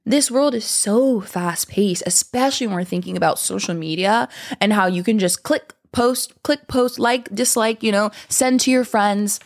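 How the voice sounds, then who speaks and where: A woman's voice: medium pitch, moderate pace, gravelly. A young woman hosting a casual monologue, talking in a chatty, rambling way with lots of fillers. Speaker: podcast host.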